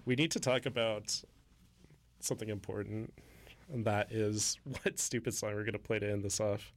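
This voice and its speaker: A man's voice: fairly low pitch, fairly even intonation. A man co-hosting a casual podcast chat, making crude jokes and laughing often. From Canada. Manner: crude joking, frequent laughter, drawn-out teasing. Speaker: podcast co-host.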